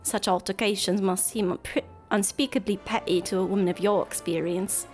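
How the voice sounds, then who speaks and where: A woman's voice: mid-range voice, steady tone, moderate pace, darkish tone, soft background music, lightly acted. A woman doing a weary stern receptionist.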